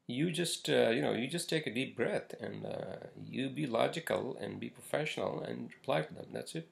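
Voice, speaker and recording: A man's voice: medium pitch, normal speed, creaky. A man hosting a casual solo podcast, ranting bluntly with lots of swearing and filler words. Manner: blunt, profane, rambling with many fillers. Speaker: podcast host.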